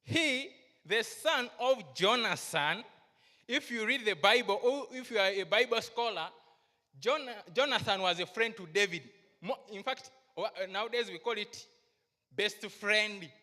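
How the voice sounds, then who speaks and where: A woman preaches in a deliberate, unhurried rhythm, stressing her points and asking her listeners questions. Her voice is bright and ringing. It carries a long reverb from a church hall. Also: medium pitch. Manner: slow, emphatic, asks the congregation questions. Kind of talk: sermon.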